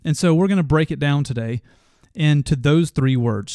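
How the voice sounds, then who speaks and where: A man's voice: fairly high pitch, normal speed, warm tone, no room sound, studio quality. A man in his thirties hosting a motivational podcast, telling a family story in an earnest way that grows passionate. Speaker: podcast host.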